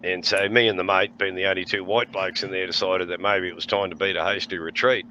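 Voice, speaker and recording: A man's voice: sits low, level tone, a little fast, bright, forceful tone, dull audio, slight background noise. An Australian man in his sixties telling rowdy stories in casual chat, laughing often and swearing freely. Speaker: podcast host.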